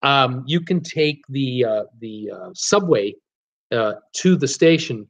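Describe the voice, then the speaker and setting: Man, trivia host, chatty, filler-heavy, mid pitch, dull lo-fi stream audio. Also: expressive, slow. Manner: chatty, filler-heavy, chuckles at his own jokes. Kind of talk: live-stream trivia reading viewer answers.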